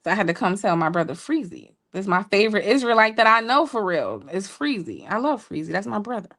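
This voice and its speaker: A woman co-hosting a show, telling a story in a casual, playful way with laughing asides to listeners. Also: fast. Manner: animated, jumps high when quoting people. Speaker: podcast co-host telling a story.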